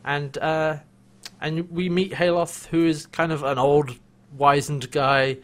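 Man, slightly high voice, casual recap chat, laughs a lot, jokey. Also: little pitch movement, slow, a bit bright. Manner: jokey, laughs often, retells scenes. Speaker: podcast co-host.

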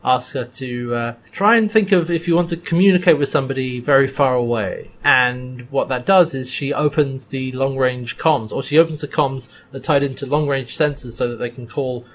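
A man's voice: medium pitch, normal speed, hardly any pauses. A man co-hosting a chat podcast, recapping a TV episode and acting out the characters' lines with laughs. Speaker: podcast co-host.

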